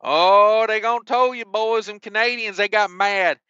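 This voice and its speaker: A man's voice: high voice, fairly even intonation, normal speed, bright, forceful tone, smooth, no echo, highs cut off. A man hosting a trucking news show, reading stories and breaking off into wisecracking asides with mild cussing. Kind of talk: reading news with joking commentary.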